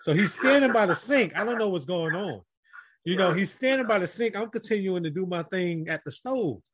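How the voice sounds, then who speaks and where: Here is a man sharing a story on a relaxed group podcast, his voice sitting a little high for a man. He talks earnestly and keeps turning to address the others in the room. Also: brisk. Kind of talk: casual group podcast chat.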